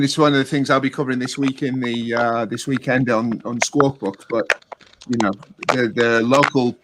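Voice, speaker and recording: A man hosting an online political chat show, speaking in a rambling, halting, sardonic way. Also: medium pitch, noisy background. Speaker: host.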